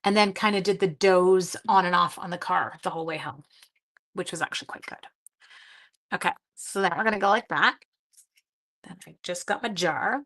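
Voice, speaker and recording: A woman's voice: fairly low pitch, normal speed, pauses often, fairly bright tone. A middle-aged woman hosting a live craft video, chatting with viewers as she works, short on sleep. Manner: chatty, talks to live viewers while working. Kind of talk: live craft-along chat.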